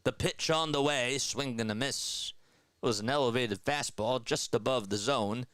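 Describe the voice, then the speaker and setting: A man doing live baseball play-by-play for a stream, trading energetic banter with viewers between pitches. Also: moderate pace, smooth, no room sound.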